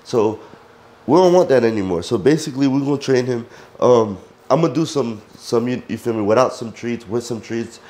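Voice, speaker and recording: A man's voice: mid-range voice, animated, fairly quick, darkish tone. A man casually vlogging around his home, talking loosely with stumbles and repeats, and giving his dog firm repeated commands. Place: at home, indoors.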